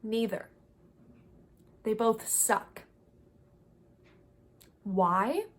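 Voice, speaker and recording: Vlogger woman, fairly high voice, animated and exasperated casual rant. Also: very slow. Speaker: video creator. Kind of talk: casual review vlog.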